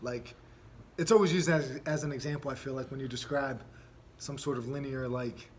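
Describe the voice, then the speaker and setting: A man's voice: medium pitch, fairly even intonation, moderate pace, darkish tone, a little hiss or hum. A man hosting a podcast, chatting in a rambling, laid-back way with lots of fillers. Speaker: podcast host. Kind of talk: casual podcast chat.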